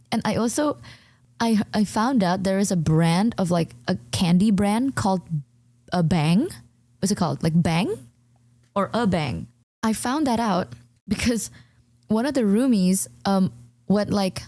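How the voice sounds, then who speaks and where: A young woman streamer, not a native English speaker, telling a rambling, animated story in casual chat with many fillers. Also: no echo. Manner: rambling, animated, full of fillers, jumps high when telling stories.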